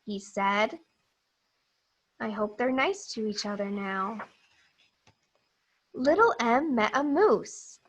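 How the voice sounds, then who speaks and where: In this rough recording, a woman with a husky, fairly bright voice pitched a little high teaches phonics to small children. Reading from a picture book, she models each sound slowly and encouragingly, exaggerating it, her intonation lively.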